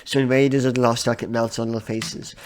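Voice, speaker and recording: A man's voice: mid-range voice, flat delivery, clear, resonant tone. A man co-hosting a podcast, chatting casually about films. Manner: chatty, brisk, mock-imitates people. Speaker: podcast co-host. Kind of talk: casual film review chat.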